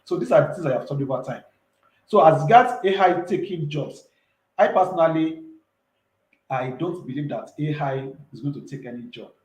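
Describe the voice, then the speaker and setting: A man's voice: a little high, animated, moderate pace, a little mellow, reverberant, rough recording. A man, talking earnestly and emphatically as an entrepreneur guest in a casual interview, often repeating himself.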